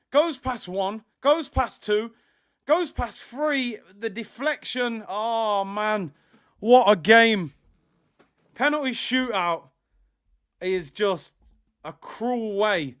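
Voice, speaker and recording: A young man hosting a live football watch-along, talking in casual slang and shouting excitedly at chances. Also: high-pitched.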